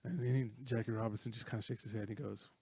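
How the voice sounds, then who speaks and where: A man's voice: medium pitch, quick pace. A man co-hosting a casual movie talk show, retelling film scenes with energy. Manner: animated storyteller, retells scenes with acted quotes.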